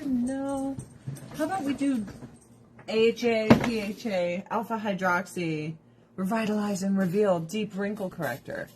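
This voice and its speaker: A woman with a medium-pitched voice speaks unhurriedly over slight background noise. She's a direct seller of skincare products, casually chatting as she tries them on, rambling, laughing, swearing freely and voicing strong opinions.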